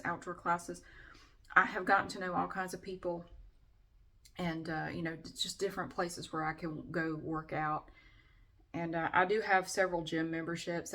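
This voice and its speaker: A woman's voice: lowish voice, bright, forceful tone. A middle-aged woman vlogging in a casual, chatty way with frequent fillers. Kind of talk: casual chat to camera.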